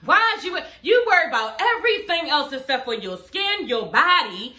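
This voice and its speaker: A young woman recapping a reality show in a sassy, profane, animated way. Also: high-pitched, moderate pace, roomy sound. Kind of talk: casual reaction recap.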